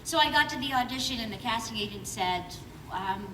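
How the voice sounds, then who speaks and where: A woman on a convention panel, an actor telling an animated audition story with frequent laughs. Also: a little high, a little fast. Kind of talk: panel anecdote. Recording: roomy hall from far off with noise.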